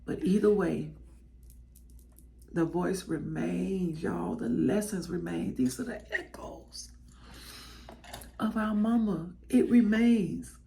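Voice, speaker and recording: A woman's voice: lowish voice, slow, creaky, pauses often, warm tone. A tearful woman, hosting a podcast and reflecting in an emotional, testifying way. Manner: emotional, testifying, addresses listeners as y'all. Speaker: podcast host. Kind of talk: heartfelt spoken reflection.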